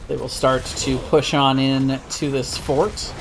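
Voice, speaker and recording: A man doing live play-by-play commentary on an esports match, steady with frequent self-corrections. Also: mid-range voice, slow, vocal fry, few pauses, a little hiss or hum. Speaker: esports caster.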